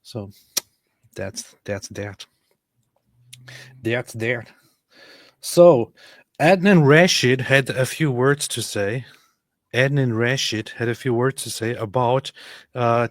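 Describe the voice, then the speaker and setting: A man's voice: mid-range voice, takes it slowly, long pauses, no echo. Casual male livestream host, dry sound. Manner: relaxed, joking, reads viewer comments aloud.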